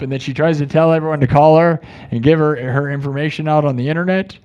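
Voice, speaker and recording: Male streamer, higher voice, loose rambling patter between songs. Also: brisk, hardly any pauses, a little mellow, smooth. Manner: rambling, chatty, restarts sentences. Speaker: live-streaming musician and host. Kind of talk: casual chat over live looped music.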